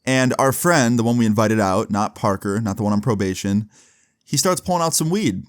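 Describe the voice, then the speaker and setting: A man's voice: lowish voice, lively intonation, a little fast, dry recording, studio quality. A man telling a casual storytime in a laid-back way, swearing often and filling his speech with 'like'. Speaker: storyteller vlogger.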